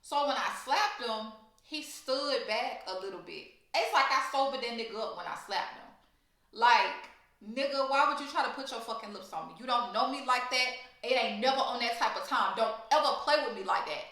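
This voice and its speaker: A young woman from Louisiana with a Louisiana accent, telling a profane, animated storytime vlog. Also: on the high side, normal speed, heavy reverb. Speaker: storytime vlogger.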